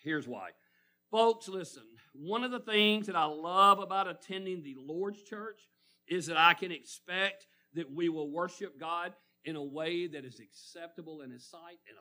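Male preacher, high piercing tone, call-and-response delivery with surging emphasis. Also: sharp tone. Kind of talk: sermon.

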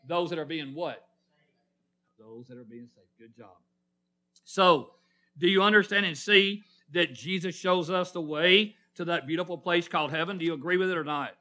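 A man's voice: fairly high pitch, normal speed, sharp tone. A man preaching a sermon in church, asking the congregation questions and calling on people by name. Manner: calls on listeners by name, call-and-response questions.

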